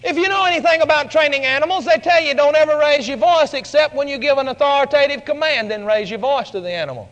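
A man's voice: quick pace, few pauses, in a large hall, highs cut off. A man preaching a radio sermon, emphatic and dramatic. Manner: emphatic, dramatic shifts in pitch and loudness.

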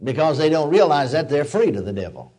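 A man's voice: on the high side, big pitch swings, fairly quick, warm tone. Older man preaching a folksy sermon. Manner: folksy storytelling preaching, rising to emphatic declarations.

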